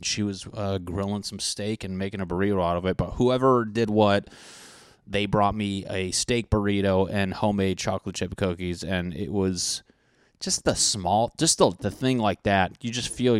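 Young male vlogger, deep and dry-sounding, loose profane self-deprecating chat. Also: moderate pace, clear, resonant tone, dry recording. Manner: rambling, profane, self-mocking. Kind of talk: casual chat to camera. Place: at home.

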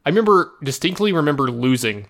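A man's voice: on the high side, quick pace. A man chatting casually and telling stories, acting out quotes from others. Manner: animated storyteller, acts out quotes. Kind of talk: casual chat about card games.

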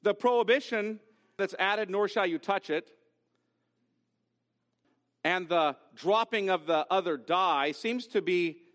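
Pastor, male, high pitch; emphatic Bible teacher who repeats key phrases; church sanctuary with long reverb. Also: fairly bright tone. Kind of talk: expository sermon. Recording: long reverb from a large hall.

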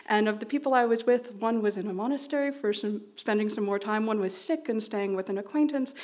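A woman telling a personal story on stage at a live storytelling event, in an animated, anxious way with quick run-on phrases. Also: mid-range voice. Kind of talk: live storytelling before an audience.

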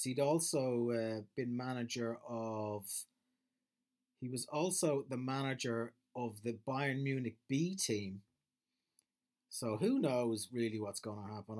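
A man in a medium register chats casually as a podcast host, wandering from point to point. His talk is loose and sweary, full of fillers and half-finished restarts. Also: medium pitch. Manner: rambling, sweary and chatty, with frequent fillers. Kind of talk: casual monologue.

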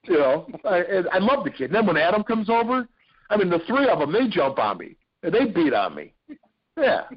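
A man from Ohio, a radio personality, telling stories as a podcast guest in an animated, excitable way. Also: sits high, fairly quick, husky. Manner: animated, excitable storyteller with frequent fillers. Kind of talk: casual storytelling interview. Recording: dull lo-fi podcast audio.

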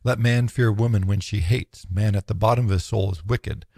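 Male audiobook narrator, low and gravelly, solemn measured delivery, dry close mic. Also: fairly even intonation, dark tone, no room sound. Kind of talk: audiobook reading of philosophy.

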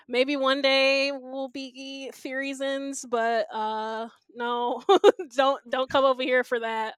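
A woman hosting a casual podcast, her voice smooth and clear and a little high. She talks slowly and rambles through updates with relaxed fillers, recorded close and dry. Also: no room sound. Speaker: podcast host. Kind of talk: casual chat.

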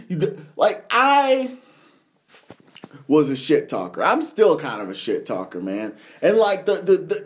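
A young man with a slightly high voice hosts a casual podcast chat. He rambles through profane anecdotes and laughs often as he talks. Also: a little mellow. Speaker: podcast host.

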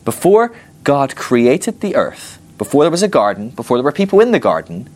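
A man teaching a Bible class in a playful, animated way, acting out little scenes with humor. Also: medium pitch, moderate pace.

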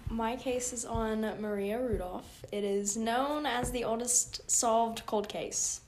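Young woman, podcast co-host, casual chat, curious questions, slightly high voice. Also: fairly even intonation, slow, darkish tone, a little hiss or hum, low-quality recording. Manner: curious, asks incredulous questions.

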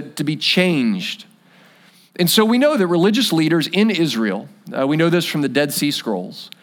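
A man delivers a sermon from the pulpit, earnest and reflective. His voice sits a little higher than usual for a man, and he lets the weightiest lines sink soft and low. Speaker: pastor.

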